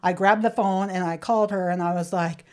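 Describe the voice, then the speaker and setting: A woman's voice: lowish voice, fairly even intonation, brisk. A woman co-hosting a podcast, telling stories in a playful casual chat and laughing often. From Florida, United States. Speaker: podcast co-host.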